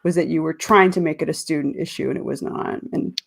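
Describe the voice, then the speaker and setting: A woman's voice: sits low, quick pace, creaky. A woman, an educator co-hosting a podcast, chatting casually and hesitantly, often restarting as she searches for words. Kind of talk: casual chat.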